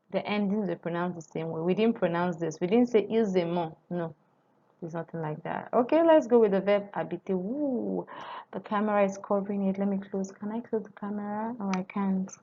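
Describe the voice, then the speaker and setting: A patient woman teacher talks through a lesson and repeats each form slowly so learners can follow. Her voice is mellow and soft-edged. The recording is a little muffled, as from a built-in computer mic. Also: mid-range voice. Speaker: French teacher. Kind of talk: screen-recorded language lesson.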